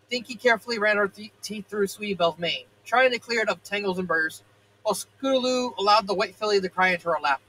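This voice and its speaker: Brief: man in his 30s reading fan fiction aloud; high, slightly husky voice, self-correcting. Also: fast talker, sharp tone, rough recording. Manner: stumbles, self-corrects and breaks off into joking asides.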